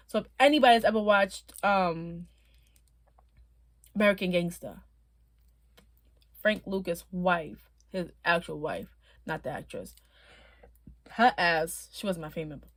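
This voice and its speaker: High-voiced woman telling prison stories. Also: dry recording. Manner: animated, profane, laughing, emotional. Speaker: vlogger recounting her prison time. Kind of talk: casual storytelling.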